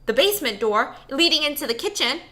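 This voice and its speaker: Bright, animated woman telling a story. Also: sits high, brisk. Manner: animated, playful retelling. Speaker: storyteller host. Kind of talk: casual storytelling.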